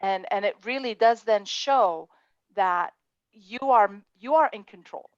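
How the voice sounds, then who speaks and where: A woman's voice: medium pitch, a little slow, no room sound, lo-fi sound. A woman on a panel talking in an earnest, motivational way, often restarting her sentences. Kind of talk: panel discussion.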